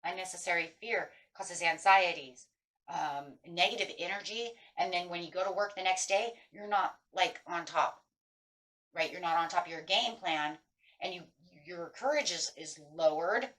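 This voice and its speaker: A woman's voice: lowish voice, normal speed, a bit bright. Chatty woman giving a tarot reading. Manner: chatty, acts out anxious inner voices. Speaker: tarot reader.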